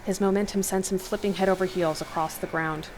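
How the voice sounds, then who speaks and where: A woman's voice: medium pitch, fairly even intonation, fairly quick, background noise. Woman reading a horror story aloud. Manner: casual, chatty asides. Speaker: let's play host. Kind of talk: reading an interactive horror novel aloud with comments.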